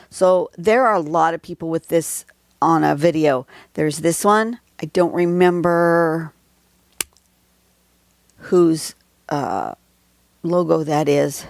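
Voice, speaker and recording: A lowish-voiced woman leads a laid-back livestream drawing tutorial, rambling and adding many side comments. Although she's recording on a phone at home, the sound is dry and clean, like a studio.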